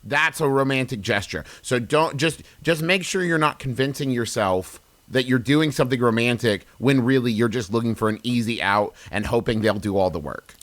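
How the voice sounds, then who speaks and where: Guy cohosting a comedy podcast, blunt and sweary, middle pitch, dry close mic. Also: normal speed, few pauses, a bit bright, no echo. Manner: earnest, swearing, acting out quotes. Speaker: podcast co-host. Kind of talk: casual comedic advice chat.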